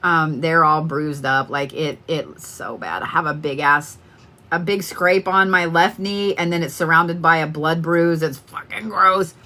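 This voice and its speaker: Speaking a little slowly in a low, sharp-toned voice, a middle-aged psychic card reader hosts a live stream. Her chat with viewers is casual and rambling, peppered with plenty of profanity.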